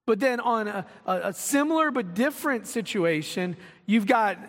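A man preaching a sermon as pastor, reading scripture aloud and acting out quotes with animated emphasis. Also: high-pitched, moderate pace, in a large hall.

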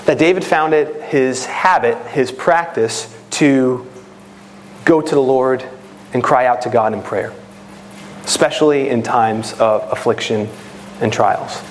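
A man with a medium-pitched voice preaches a sermon at a measured pace, with a little hiss or hum in the recording. An adult and a parent of children, he teaches earnestly and rises into an impassioned prayer voice.

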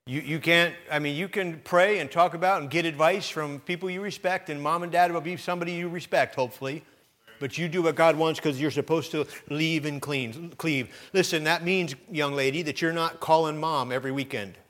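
A middle-aged male pastor delivers a sermon with a fairly high voice. He speaks plainly to the congregation, repeating himself as he builds, then pushes into loud, impassioned emphasis. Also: a little fast. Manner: impassioned preaching that swells to loud emphatic peaks; conversational, direct address to the congregation with repetitions.

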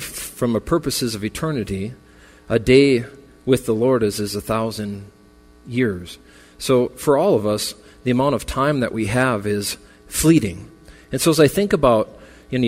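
A man preaching a memorial sermon as pastor, earnest and consoling, his voice building in intensity. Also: mid-range voice. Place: church sanctuary. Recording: long reverb with faint music.

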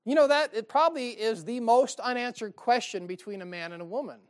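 A male pastor preaching a sermon to a church congregation, joking and calling out "Amen?", swinging between loud and quiet. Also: very high-pitched, brisk, clear, resonant tone. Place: church service.

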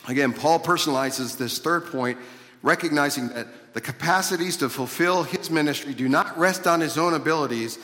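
A man's voice: a little high, moderate pace, pushed and bright. A man preaching a sermon, earnestly explaining scripture and grammar, often repeating and restarting his phrases. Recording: long reverb of a hall.

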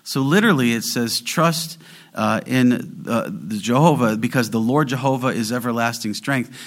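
Earnest male preacher, swelling emphasis. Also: mid-range voice. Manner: earnest preaching, slows and swells on key phrases. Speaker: pastor. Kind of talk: sermon.

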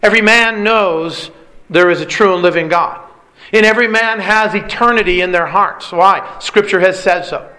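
High-voiced man preaching emphatically. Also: normal speed, bright, forceful tone, poor audio. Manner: emphatic, repetitive preaching cadence. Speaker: pastor. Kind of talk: sermon.

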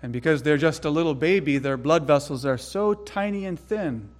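A man preaching a sermon in an earnest way, dropping to hushed tones and rising to sudden loud emphasis. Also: fairly high pitch, normal speed, long reverb tail. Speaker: pastor.

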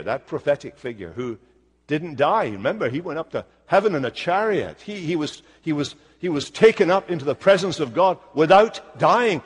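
A male pastor preaching a sermon, emphatic and slowing down on key words. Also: fairly high pitch, very animated, slightly rough, long reverb tail. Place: church.

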